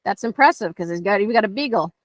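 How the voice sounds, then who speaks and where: A woman's voice: mid-range voice, animated, quick pace, no room sound. A woman dog trainer teaching conversationally, telling stories and acting out dialogue in playful voices.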